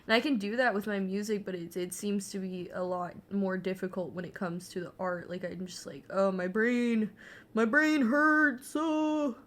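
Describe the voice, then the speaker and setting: A woman's voice: lowish voice, steady tone, fairly quick, few pauses. A young adult woman chatting casually while she paints, rambling with lots of fillers and swearing freely. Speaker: artist and vlogger.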